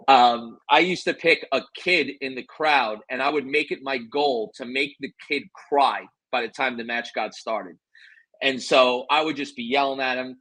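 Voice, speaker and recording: A man swapping wrestling stories with lively, boastful energy. He sounds dry and close to the mic, with a voice of middling pitch. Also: no room sound, low-quality recording. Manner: animated, boastful storyteller. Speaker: guest, former pro wrestler. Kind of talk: casual interview storytelling.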